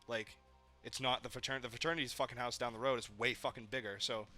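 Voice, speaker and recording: A man's voice: medium pitch, fairly even intonation, fast, sharp tone, soft background music. A young man from Maine, a podcast co-host, telling rambling party stories in casual chat, swearing a lot and acting out what people said. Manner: rambling storytelling, heavy swearing, acts out quotes.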